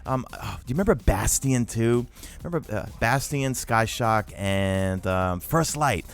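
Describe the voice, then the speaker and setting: A man's voice: on the low side, creaky. A man from New York with a toned-down New York accent, hosting a casual gaming Q&A chat with lots of fillers. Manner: animated, fast-talking with many fillers. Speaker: YouTube gaming host.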